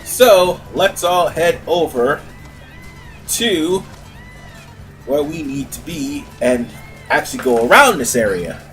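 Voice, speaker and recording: Host of a gaming channel: a male voice on the higher side, bright and forceful, chatty and rambling, faint game music under him. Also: lively intonation, slow pace, pauses often. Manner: chatty, rambling, self-correcting. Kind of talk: casual let's-play commentary.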